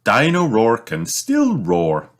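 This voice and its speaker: A man voicing a calm, sensible mother pig in a children's storybook reading. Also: medium pitch, slow, vocal fry, voice pushed up, full character voice. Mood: reassuring. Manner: soothing, reassuring.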